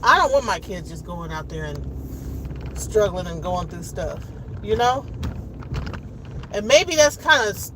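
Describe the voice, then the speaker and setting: Rambling, heartfelt mom in her forties talking to camera while driving, steady road noise. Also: mid-range voice. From Detroit. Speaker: vlogger and mother. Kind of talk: casual chat to camera. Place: inside a car on a school run. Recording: car road noise behind.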